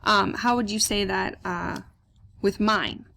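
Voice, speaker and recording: During a classroom German grammar lecture, a woman explains things step by step, asking questions she then answers and saying "uh" a lot. Her medium-pitched voice is slow, steady, gravelly, pushed and bright, with a little hiss or hum in the audio.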